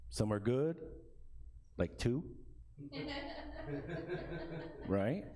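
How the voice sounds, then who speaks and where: A man's voice: medium pitch, expressive, very slow, a crowd in the background. Man preaching with "right?" asides. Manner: asks the congregation "right?" often, with bursts of laughter. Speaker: pastor. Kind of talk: conversational sermon. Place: church sanctuary.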